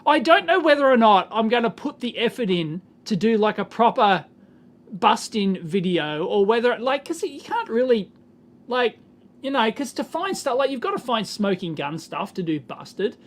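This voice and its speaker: A man's voice: high voice, sing-song, normal speed. A middle-aged Australian man hosting a casual electronics livestream, rambling and exasperated, chuckling as he answers the chat.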